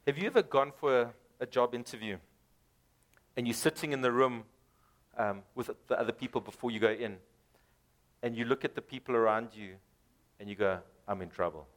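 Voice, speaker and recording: Man, preacher, sermon, emphatic, dramatic swings in loudness, repeats words. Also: medium pitch, brisk, long pauses. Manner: emphatic, rises and drops dramatically.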